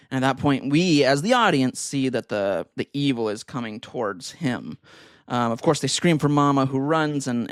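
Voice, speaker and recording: A man's voice: mid-range voice, no room sound, clean studio sound. A man on a podcast casually retelling a movie plot in a rambling way, full of fillers and self-corrections. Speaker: podcast co-host.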